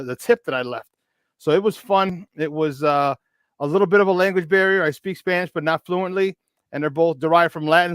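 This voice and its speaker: A man in his fifties, a podcast guest telling a story in a chatty, animated way. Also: a little high, clean tone, no echo. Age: 50s. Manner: chatty, animated, with many restarts. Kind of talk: casual storytelling.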